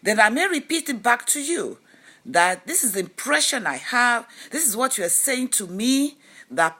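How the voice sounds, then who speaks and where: A woman speaks in a husky, slightly high voice that swoops up and down as she lectures. She drives her points with rhetorical questions and emphatic, preachy advice in a motivational vlog. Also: big pitch swings, normal speed, pushed and bright. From lives in Canada. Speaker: lifestyle vlogger. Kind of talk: motivational talk to camera.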